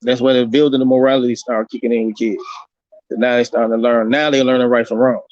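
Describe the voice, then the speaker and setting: Man, blunt profane lecturing, mid pitch, dry slightly muffled audio. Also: level tone, fast talker, darkish tone, no echo. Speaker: podcast host. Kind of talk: casual opinionated talk.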